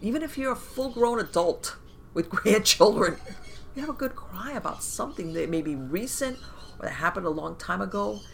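A woman podcast host giving conversational advice, animated and talking in loose run-on phrases full of fillers, often acting out inner voices. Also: mid-range voice, normal speed, creaky. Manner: animated, acts out inner voices and quoted thoughts.

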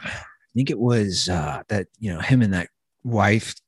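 A man's voice: on the low side, unhurried, breathy edge, no echo, studio quality. Opinionated rambling man on a podcast. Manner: rambling, opinionated, stumbles over words. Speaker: podcast co-host. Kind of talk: casual sports podcast banter.

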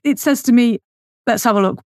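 A woman's voice: a little high, a little fast, no echo, clean studio sound. A woman hosting her own podcast, delivering a scornful, sarcastic monologue with emphatic repetition. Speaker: podcast host. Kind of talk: opinionated monologue.

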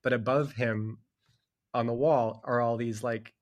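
A man's voice: medium pitch, fairly even intonation, measured pace. A middle-aged man, a children's book author, chatting casually as a guest, rambling and chuckling with lots of "like" fillers. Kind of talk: casual conversation about books.

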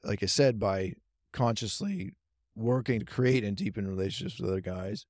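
Male host, low voice, thoughtful and measured, dry close sound. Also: a little mellow, no room sound. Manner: reflective, measured, affirming. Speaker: podcast host. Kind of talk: conversational interview.

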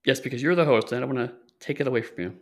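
A man co-hosting a casual podcast, teasing and quick-witted. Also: medium pitch. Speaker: podcast co-host.

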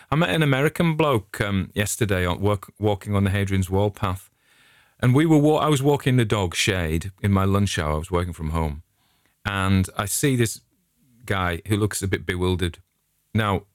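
Middle-aged English man, low register, dry close sound, easygoing chatty storyteller who wanders off on tangents. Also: dry recording. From England. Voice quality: chatty anecdotal storyteller, digressive. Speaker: vlogger. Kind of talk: casual rambling monologue.

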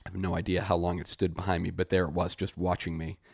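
A frightened, desperate young village man pleading earnestly, as a male reader voices him. The voice is very low and stays near the reader's own. It is a storybook reading with a dry, close sound. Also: level tone, fast talker, creaky, husky, no echo, heavily acted.

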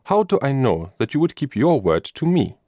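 A man's voice: mid-range voice, very animated, moderate pace, mellow, dry recording, studio quality, voice pushed up. A man voicing an honest, firm young shepherd boy in a storybook reading, speaking earnestly in a raised voice.

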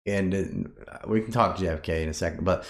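A very deep-voiced man in casual podcast talk. He is animated and swears freely, climbing from low muttering into loud, outraged bursts. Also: fairly quick. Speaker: podcast guest. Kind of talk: casual conversation.

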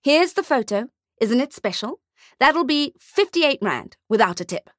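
A woman reading as a greedy mall photographer, a pushy man who oozes smarmy sales talk and turns to a sneer. The voice rides noticeably higher and brighter than the narration, and sits close and dry. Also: sing-song, a little slow, no room sound.

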